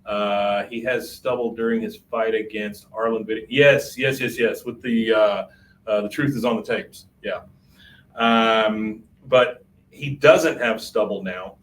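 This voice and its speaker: A man's voice: lowish voice, fairly even intonation, takes it slowly, fairly bright tone. A man co-hosting a podcast, casually recapping an episode step by step and laughing along. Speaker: podcast co-host. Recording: distant mic with faint noise.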